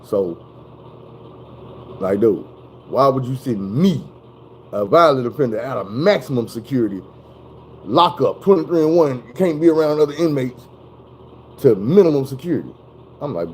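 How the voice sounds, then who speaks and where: A young man telling a story in a casual, animated, profane way. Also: medium pitch, moderate pace, pauses often, slight background noise, rough recording. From Arkansas.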